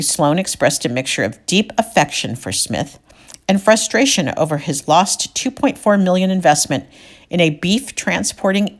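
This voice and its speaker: Low-voiced woman host with wry asides. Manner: wry, chatty asides between read passages. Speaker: podcast host. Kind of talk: reading old news clippings with commentary.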